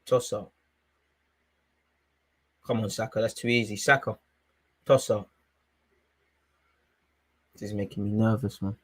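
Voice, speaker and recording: A young man hosting a live football watchalong. He is excitable, shouts at the referee and drops to low mutters in between. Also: measured pace, pauses often. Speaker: fan watchalong host.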